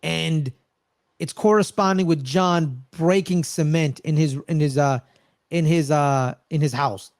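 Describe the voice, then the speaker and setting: A man with a somewhat high voice co-hosts a casual movie review chat. He is animated and acts out characters' lines as he retells scenes. The sound is dry and close. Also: measured pace, no room sound. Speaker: podcast co-host.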